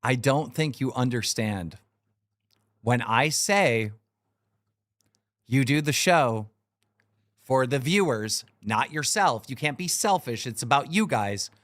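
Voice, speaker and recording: A man's voice: mid-range voice, fairly bright tone, no echo, clean studio sound. A man hosting a livestream, talking casually in a blunt, profane, scolding way. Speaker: livestream show host.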